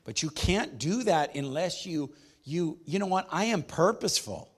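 A man's voice: a little high, lively intonation, moderate pace, slightly rough. A man preaching a sermon as pastor, emphatic, calling for responses from the congregation.

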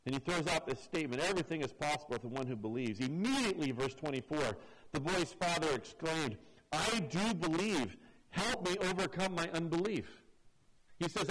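A man's voice: on the high side, expressive, a little fast, fairly bright tone, rough recording. A man preaching a sermon, reading scripture verse by verse and acting out the voices of the people in it. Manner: expository preaching, acts out quoted voices. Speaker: pastor.

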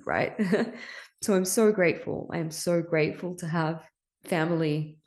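Woman podcast host, low gravelly voice, raw confessional monologue, casual swearing. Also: a little slow, a little mellow. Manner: emotional, confessional, swears freely. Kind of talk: candid personal monologue.

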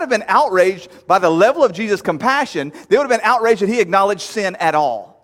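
High-voiced man preaching in a reverberant hall. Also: animated, a little fast, hardly any pauses, a bit bright. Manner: conversational, emphatic preaching with rising peaks. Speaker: pastor. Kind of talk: sermon. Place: church sanctuary.

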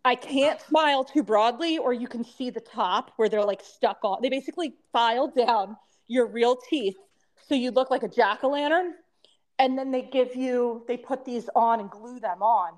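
Female podcast co-host, 30s, high voice, lisp, loose rambling chat. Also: moderate pace. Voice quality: lisp from temporary crowns. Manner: chatty, rambling, laughs often. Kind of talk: casual chat.

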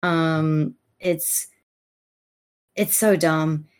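A woman's voice: low-pitched, steady tone, drawn-out words, smooth. A woman co-hosting a casual podcast, chatty and giggly, with frequent fillers, sometimes reading verse aloud. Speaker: podcast co-host. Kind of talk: casual book-club discussion with dramatic readings.

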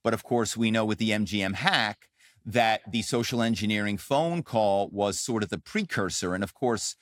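A middle-aged man, a guest on an interview show, telling his story in an animated, conversational way with many fillers. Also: on the low side, moderate pace, dry recording, clean studio sound. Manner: animated storyteller, frequent "um" and "you know". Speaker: podcast guest, author and former corporate spy.

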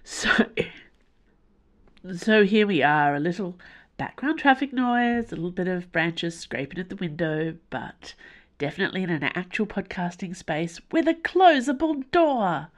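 A woman hosting a podcast, reading a fiction serial aloud with expressive, measured delivery, recorded in a small room with a closed door. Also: fairly low pitch. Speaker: podcast host and reader. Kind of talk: audiobook serial narration.

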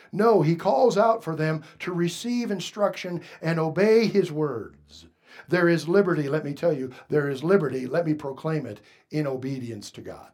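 Man, high voice, pastor, sermon, emphatic, questions the congregation. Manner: emphatic preaching, swinging between quiet asides and raised exclamations.

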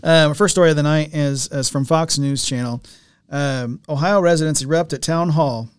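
A fairly high-voiced man hosts a podcast. He tells a family story with lots of restarts, fillers and chuckles, and then he reads a news item in the same loose, casual way. The sound is dry and close, with no room echo. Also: moderate pace, smooth. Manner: rambling storyteller with many restarts and laughs. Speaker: podcast host. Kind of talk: casual chat and news reading.

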